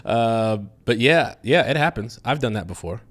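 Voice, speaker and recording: A man's voice: medium pitch, animated, normal speed, fairly bright tone. A man co-hosting a podcast in casual chat, playful and teasing, laughing often. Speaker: podcast co-host.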